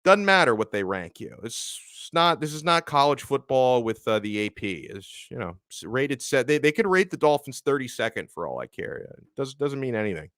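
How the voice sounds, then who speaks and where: A man hosting a live sports talk stream, animatedly reading viewer chats and giving shout-outs. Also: medium pitch, big pitch swings, moderate pace, hardly any pauses, no echo, clean studio sound. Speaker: sports show host.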